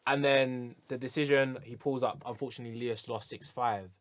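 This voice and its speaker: A man's voice: medium pitch, steady tone, fairly quick, dry recording. A man who competes in jiu-jitsu, telling a rambling anecdote on a casual podcast. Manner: rambling anecdote telling, acts out quotes loudly. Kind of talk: casual chat.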